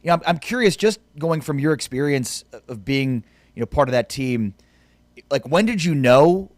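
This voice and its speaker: A man's voice: a little high, lively intonation, normal speed, dry recording. A man hosting a sports radio show, asking questions in an eager, chatty way as a longtime fan. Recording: dry studio sound.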